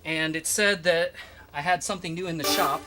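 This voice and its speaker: A man's voice: on the high side, fairly even intonation, a little fast, over loud music. A man streaming a dance game, chatting casually and laughing while he catches his breath. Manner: breathless, laughing, many fillers. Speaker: gaming streamer. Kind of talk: casual gameplay commentary.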